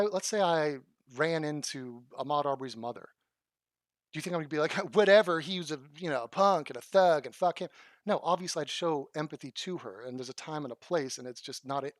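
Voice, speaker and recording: A man's voice: a little high, no room sound, studio quality. A man reacting to video clips with blunt, profane, sarcastic commentary. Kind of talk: combative commentary.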